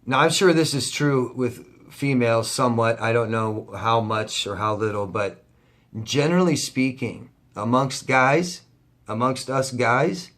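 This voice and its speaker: A man's voice: mid-range voice, normal speed, a bit bright. Male coach, vlog rant to camera: blunt, profane, heated, repeats himself for emphasis. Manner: blunt, heavy swearing, heated and repetitive. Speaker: life coach.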